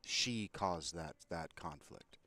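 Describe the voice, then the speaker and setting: A man's voice: low-pitched, takes it slowly, pushed and bright, dry recording. A man telling an angry, profane story about a confrontation, aggrieved and heated. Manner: profane, aggrieved, retells a confrontation with mounting anger. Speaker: vlogger.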